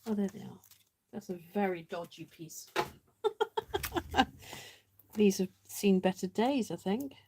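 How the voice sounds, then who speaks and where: A woman leads a relaxed live card-making session, talking through each step at an unhurried pace. Her voice has a gravelly, creaky edge, and she keeps up a self-mocking running chat, greeting viewers by name as she goes. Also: mid-range voice, noisy background. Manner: chatty, self-mocking, thinks aloud while working. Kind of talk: casual live craft demonstration.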